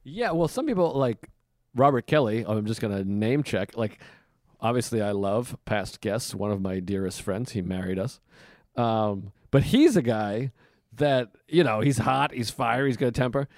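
A male podcast host talking casually from a hotel room. He slips into other people's voices with sudden leaps upward. The sound is close and dry, with no room echo. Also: moderate pace. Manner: animated, acts out quoted people with big jumps in pitch. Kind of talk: casual chat.

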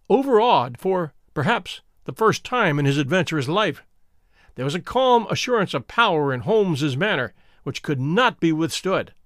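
Animated male audiobook narrator. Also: fairly high pitch, no echo, clean studio sound. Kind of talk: dramatic audiobook reading.

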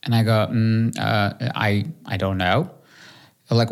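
Guy hosting his podcast, telling his own story all animated and poking fun at himself. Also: vocal fry. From India. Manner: animated, self-mocking, quick shifts in pitch. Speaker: podcast host. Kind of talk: solo storytelling episode.

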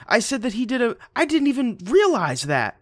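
A man co-hosting a casual chat, ranting and swearing about a film with lively outbursts. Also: extremely high pitch, moderate pace, dry recording, clean studio sound. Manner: animated, profane, ranting.

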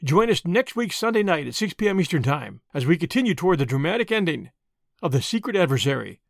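Male narrator, expressive storytelling, lively tone, slightly high voice, dry close recording. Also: fast, gravelly, dry recording. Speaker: narrator and podcast host. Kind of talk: audiobook narration.

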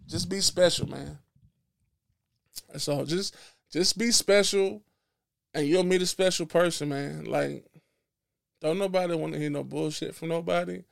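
A man with a gravelly, fry-edged voice, pitched a little high for a man, holds forth in a casual podcast chat. He talks bluntly and drops profanity freely. He is emphatic and preachy, and he stumbles and restarts his phrases as he goes. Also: normal speed, long pauses. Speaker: podcast guest.

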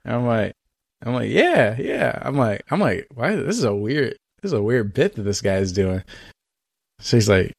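A man's voice: mid-range voice, big pitch swings, moderate pace, gravelly, slightly rough, no room sound, clean studio sound. A man co-hosting a podcast, telling a story in a casual chat and acting out both sides of it. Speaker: podcast co-host.

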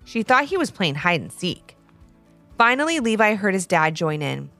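A woman host narrating a children's story in an expressive, animated way. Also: mid-range voice, moderate pace, no room sound, soft background music.

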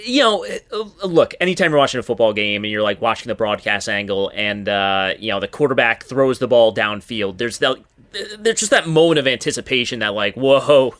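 A man co-hosting a sports podcast, chatting casually with many fillers and lively bursts of excitement. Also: mid-range voice. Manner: animated, hesitant with many fillers. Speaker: podcast co-host.

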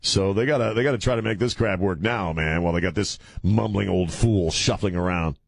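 A middle-aged man hosts a radio talk show, his voice low and the studio sound dry and close. He talks in a blunt, sarcastic way and rambles from point to point. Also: fairly quick, gravelly, hardly any pauses, no echo. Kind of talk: opinionated talk radio chat. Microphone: studio microphone.

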